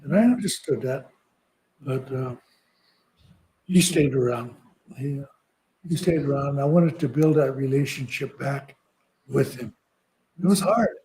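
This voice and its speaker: An older man telling a personal story in a slow, halting, soft-spoken way. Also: mid-range voice, a little hiss or hum, rough recording. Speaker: podcast guest speaker.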